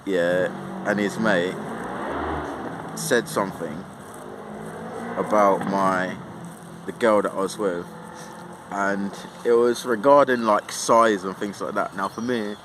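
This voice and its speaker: A man's voice: fairly low pitch, steady tone, takes it slowly, long pauses, background noise. A young man telling a rambling, sweary storytime in a casual way, full of fillers.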